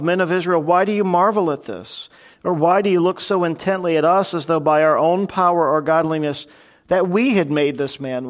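A man preaching an expository sermon in a conversational way, asking rhetorical questions and briefly acting out the people he quotes. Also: on the high side. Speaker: pastor.

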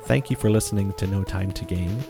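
A man hosting a podcast, chatting casually and reading a relaxed sign-off. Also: low-pitched, brisk, music in the background. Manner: relaxed, reads a sign-off plug. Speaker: podcast host. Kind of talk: casual podcast chat and outro.

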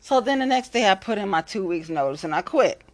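A woman's voice: medium pitch, animated, brisk. Blunt, profane woman ranting casually. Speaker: local political activist. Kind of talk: casual monologue.

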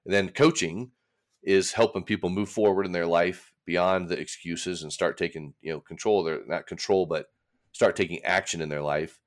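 A recovery coach, appearing as a podcast guest, speaks candidly in a casual conversation, rambling and acting out his own inner voices. His voice is deep and steady at a normal speed.

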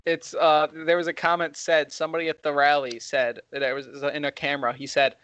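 A young man co-hosting a heated casual debate, talking fast and getting excited as he argues. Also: a little high, smooth, no echo. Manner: fast, excitable, rising when worked up. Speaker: co-host.

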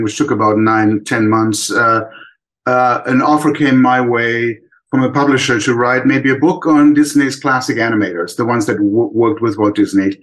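A man's voice: medium pitch, a bit bright, low-quality recording. Older German-accented man, thoughtful. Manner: thoughtful, many restarts and fillers. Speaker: animator guest. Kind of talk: casual interview talk.

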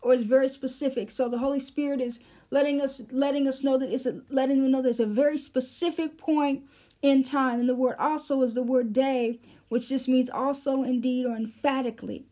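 A woman's voice: sits high, fairly even intonation, a little fast, dark tone. A woman teaching a Bible lesson verse by verse, explaining Greek words with frequent fillers and restarts.

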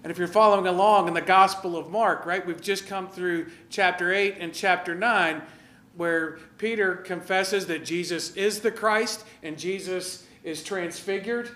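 High-voiced man preaching in an echoey church. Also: unhurried. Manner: animated, conversational preaching with rhetorical questions. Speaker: pastor. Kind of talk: sermon.

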